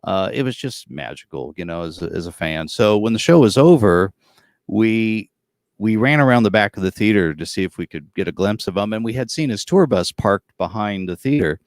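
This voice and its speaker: Calling in by video from the front of a tour bus, a roughly forty-year-old tribute performer from California is interviewed and tells stories in a loose, easygoing way, full of fillers. He has a lowish, expressive voice at a moderate pace, recorded cleanly with no room sound.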